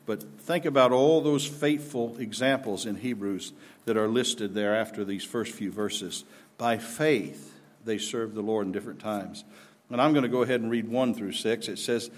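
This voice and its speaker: A man preaching a sermon, rising to loud emphatic declarations and then dropping back low. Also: normal speed.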